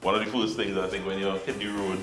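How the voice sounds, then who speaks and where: A low-voiced man chats through a recipe with bright, forceful energy. He is a lively cooking-show host, and the sound carries the echo of a roomy kitchen, with faint music behind him. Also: quick pace. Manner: lively, chatty, laughs easily. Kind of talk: casual cooking chat.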